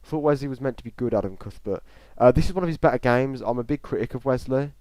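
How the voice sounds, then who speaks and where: A man's voice: mid-range voice, fast talker, darkish tone, no echo. A man hosting a live football reaction stream, giving casual, blunt, opinionated running commentary straight to his viewers.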